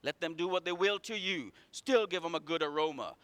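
A man preaching a sermon, swinging from loud emphatic runs to low quiet asides in a repetitive preaching cadence. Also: brisk, clean tone.

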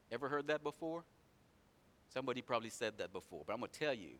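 Animated preaching man with big swings. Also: quick pace. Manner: dramatic swings between loud emphatic runs and low quiet asides; repetitive preaching cadence. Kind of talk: sermon.

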